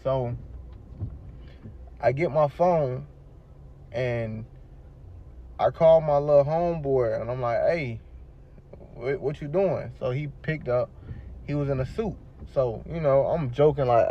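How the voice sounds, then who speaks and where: Man, casual storytelling, slangy and rambling, mid-pitched voice, dull lo-fi clip sound. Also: measured pace, long pauses. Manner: rambling, slangy, rises when retelling his pleas. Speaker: shooting survivor telling his story.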